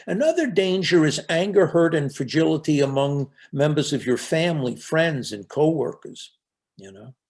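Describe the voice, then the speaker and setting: A man's voice: fairly high pitch, expressive, moderate pace, creaky, a little mellow. An older man giving a reflective talk on resilience and spiritual life, earnest and full of anecdotes, sometimes repeating a word as he starts. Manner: earnest, storytelling, repeats words when starting.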